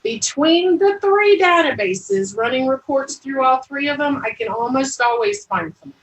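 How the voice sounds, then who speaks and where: High-voiced woman in an echoey room. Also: animated, unhurried. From Texas. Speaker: guest, process server. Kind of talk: casual interview chat. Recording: roomy echo.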